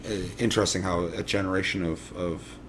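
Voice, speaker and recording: A man's voice: deep voice, steady tone, brisk, a bit bright, slight background noise. A young man co-hosting a casual chat, rambling and swearing often as he acts out his past thoughts. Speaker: podcast co-host.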